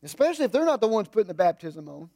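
A man with a high voice preaching in a relaxed, folksy way, stopping for humorous asides. He stresses points in raised bursts, then drops into low, quiet remarks. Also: racing, creaky. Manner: shifts between emphatic raised lines and low asides. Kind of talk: conversational sermon.

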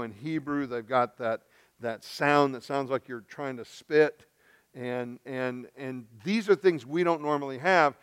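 A man from Arkansas, preaching a sermon and acting out the voices in the story, swinging from loud to hushed. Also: a little high, clear, resonant tone. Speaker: pastor.

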